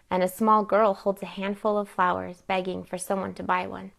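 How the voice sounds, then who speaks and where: A woman reading her own novel aloud at a live event, narrating in first person with measured pacing. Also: medium pitch, vocal fry, a bit bright. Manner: measured, plain narration with occasional slips.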